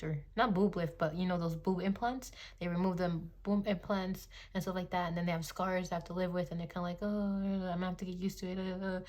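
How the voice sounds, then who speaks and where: A woman in her twenties reads tarot casually into her phone, her voice fairly low and somewhat dark in tone. She rambles along with plenty of "like" and "you know," occasionally shifting into gushing quoted voices.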